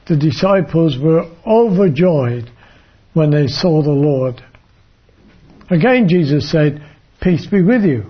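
A man preaching a sermon and reading from the Bible in a measured way, sometimes stumbling and repeating words. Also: a little high, animated, breathy edge, muffled recording.

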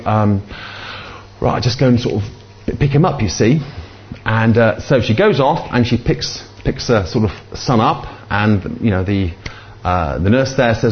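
Older preacher, halting storyteller, mid pitch, slightly dull recording. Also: male voice, expressive. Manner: halting, many fillers and restarts. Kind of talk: sermon with storytelling.

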